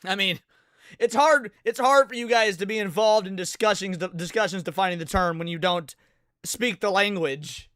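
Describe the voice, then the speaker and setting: A man's voice: high voice, moderate pace, fairly bright tone, dry recording, clean studio sound. A man hosting a casual commentary show, making sarcastic, mocking asides and answering questions from chat. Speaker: host.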